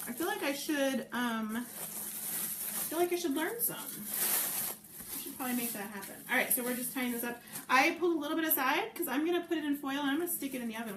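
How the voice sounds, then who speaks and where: A woman's voice: sits high, fairly bright tone, far from the mic. A middle-aged woman chatting casually while cooking live at home, reading viewer comments and wandering off topic. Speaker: home cook hosting a live cooking stream. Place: home kitchen. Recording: echoey kitchen with background noise.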